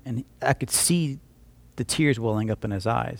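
A man's voice: mid-range voice, normal speed, vocal fry. A man pastor preaching a conversational sermon, telling a story and acting out both sides of the dialogue, often restarting with repeated words.

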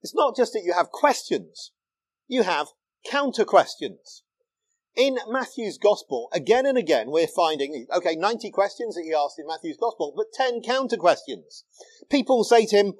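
A man giving a public lecture, explaining in a lively way and asking rhetorical questions. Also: high-pitched, measured pace, rough recording. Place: lecture hall.

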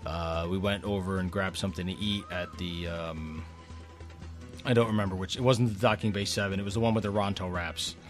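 A man with a fairly low voice tells a story on a podcast, chatty and loose. He rambles and restarts his sentences as he goes. Faint music sits under his talk. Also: steady tone, fairly quick. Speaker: podcast co-host.

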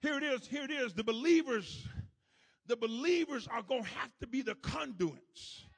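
A man preaching a sermon in call-and-response style, swinging from shouted lines to soft asides, with a gravelly voice. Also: very high voice, lively intonation, normal speed. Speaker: pastor.

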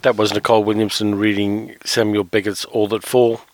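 A man hosting a casual film commentary. He speaks thoughtfully, with fillers and pauses as he reads from his notes. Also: fairly low pitch, level tone, rough recording. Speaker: film reviewer host.

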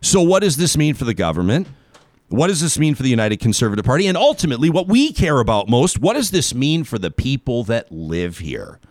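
A man's voice: mid-range voice, big pitch swings, a little mellow, dry recording. A man from Canada hosting a radio talk show, delivering a sarcastic political commentary monologue that leans hard on key words. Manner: emphatic, sarcastic, dramatic pauses on key words.

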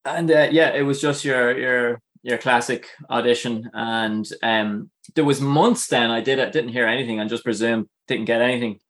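Chatty Irish actor, easy laughs. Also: male voice, mid-range voice, fairly even intonation, normal speed, few pauses, fairly bright tone. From Ireland. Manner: chatty, laughs often, many fillers. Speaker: guest actor. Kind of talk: casual interview chat.

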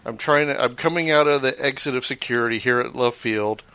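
A man's voice: mid-range voice, fairly quick, vocal fry, sharp tone, smooth, dry recording. A man co-hosting a casual chat show, telling irritated anecdotes and laughing often. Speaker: podcast co-host.

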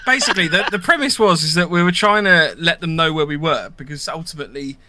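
A man's voice: on the high side, quick pace, no echo. A man co-hosting a podcast, chatting casually and telling stories against himself. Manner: animated, self-mocking storyteller. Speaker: podcast co-host. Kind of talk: casual chat.

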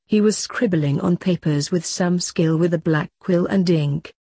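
Low, husky woman reading a story. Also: darkish tone, dry recording, studio quality. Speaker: narrator.

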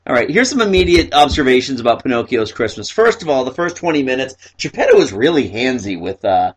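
A man hosting a casual podcast chat about films, animated and laughing often, breaking into quick impressions of characters. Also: medium pitch, breathy edge. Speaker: podcast host. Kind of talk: casual film review chat.

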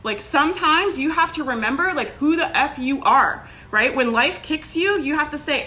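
A woman's voice: sits high, lively intonation, normal speed, few pauses, pushed and bright. A young woman giving a casual motivational talk as a business coach, candid and swearing now and then, with lots of "like" and "right?".

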